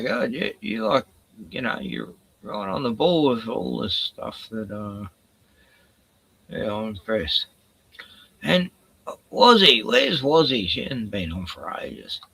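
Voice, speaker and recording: A man's voice: mid-range voice, gravelly, fairly bright tone, husky. An older man rambling casually on his livestream, profane and chuckling as he talks to his chat. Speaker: livestream host.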